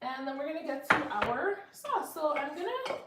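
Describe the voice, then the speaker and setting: A woman's voice: sits high, expressive, fairly quick, noisy background. A young woman chatting casually to her viewers while cooking in her home kitchen, full of fillers and asides. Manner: chatty, many fillers, talks to viewers directly. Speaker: cooking vlogger.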